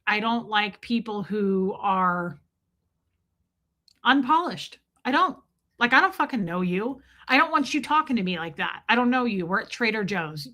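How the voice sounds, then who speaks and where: Bright-voiced woman streaming, chatty and blunt. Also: fairly high pitch. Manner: chatty, blunt, swears freely. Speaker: live-stream host. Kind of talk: casual storytelling to a live chat. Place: at home.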